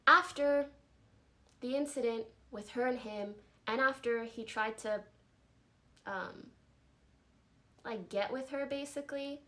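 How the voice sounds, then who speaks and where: A young woman streamer giving an emotional, earnest statement, halting and apologetic and close to tears. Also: on the high side, fairly bright tone.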